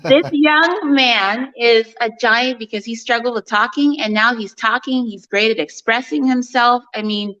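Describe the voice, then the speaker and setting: A woman guest in casual chat, talking warmly with many fillers and restarts and frequent laughs. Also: a little high, unhurried, few pauses, lo-fi sound.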